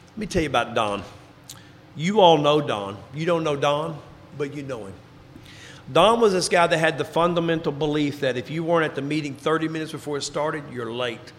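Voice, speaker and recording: A man's voice: normal speed, slight background noise. Man telling his story in a hall. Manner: storytelling, drops to quiet low tones for emphasis. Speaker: recovery speaker. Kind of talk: personal testimony talk. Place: large hall before an audience. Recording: reverberant hall, faint ambience.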